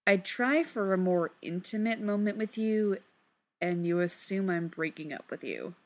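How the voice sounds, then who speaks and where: A woman voicing a relaxed, amused man who speaks calmly and quietly. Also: unhurried, close to an everyday voice. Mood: teasing. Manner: calm, low-key and amused. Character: relaxed, teasing grown man.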